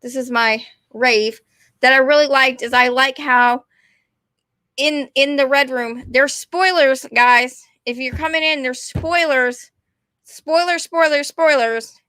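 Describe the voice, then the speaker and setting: A woman, rambling and animated as she chats casually to her stream viewers. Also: high-pitched, takes it slowly, no room sound, studio quality. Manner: rambling, animated, talks to chat. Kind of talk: casual ranting chat to viewers.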